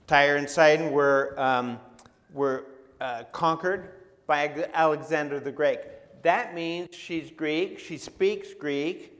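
A man's voice: fairly high pitch, slow pace, a bit bright, long reverb tail. A man preaching a sermon in a conversational way, often asking his listeners questions. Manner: conversational, asks the audience questions. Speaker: pastor.

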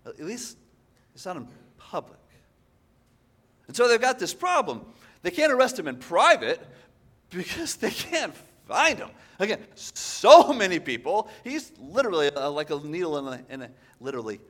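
A man preaching a sermon, animated and conversational, often tossing in "right?" to the congregation. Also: sits high, normal speed.

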